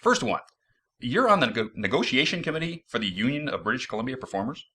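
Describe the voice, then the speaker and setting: Sex: man. Role: host. Style: casual podcast interview. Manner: upbeat, joking. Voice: bright, with a very lively pitch. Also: quick pace, slightly rough. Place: San Jose, California.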